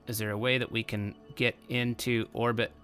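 A young man giving casual let's-play commentary, excitable and bursting into loud exclamations. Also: mid-range voice, moderate pace, faint music behind. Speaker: gameplay commentator.

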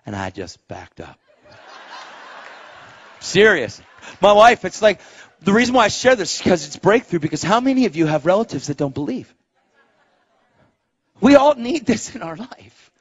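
A middle-aged preacher tells a story from the pulpit, his high voice leaping from hushed murmurs to excited shouts. His tone is husky, and the recording sounds dull and muffled. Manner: animated, swings from hushed to shouting. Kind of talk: sermon storytelling.

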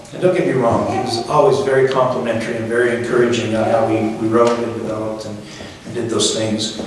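A middle-aged man giving his father's eulogy at a funeral, speaking in a halting, reflective way with gentle humor. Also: medium pitch. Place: funeral chapel. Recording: very echoey hall from far off, faint noise.

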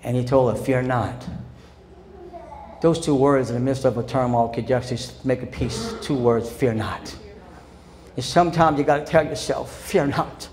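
A male pastor preaches an impassioned sermon in a church sanctuary, his mid-range voice at a moderate pace swinging from loud declarations to quiet storytelling. The recording carries long church reverb and faint background noise.

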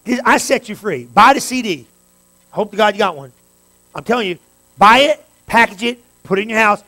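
A man pastor preaching a sermon, talking straight to his congregation and building to fervent, loud stretches. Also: high-pitched, expressive, moderate pace. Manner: preaching with rising fervor, direct address to the congregation.

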